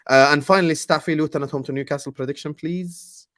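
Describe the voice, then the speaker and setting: A man hosting a casual football podcast, relaxed and chatty, dropping in Arabic phrases. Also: on the high side, fast talker. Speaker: podcast host.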